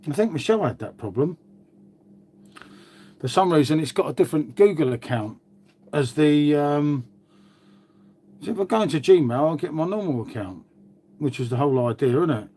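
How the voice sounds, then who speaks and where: A man's voice: a little high, animated, moderate pace, long pauses, mellow, husky. Chatty man rambling on a stream. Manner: rambling, chatty, swears casually. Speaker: live streamer. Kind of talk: casual live-stream chat. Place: outdoors.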